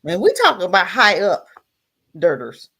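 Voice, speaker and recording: A woman's voice: on the low side, huge pitch swings, normal speed, sharp tone, breathy edge. A mother and guest on a talk radio show, talking bluntly and firing off rhetorical questions in casual chat. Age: adult, mother.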